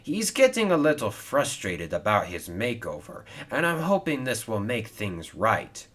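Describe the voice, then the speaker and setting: A man's voice: lowish voice, huge pitch swings, a little slow, a bit bright, heavily acted. A man voicing a kind, helpful male steam engine who speaks earnestly and reassuringly.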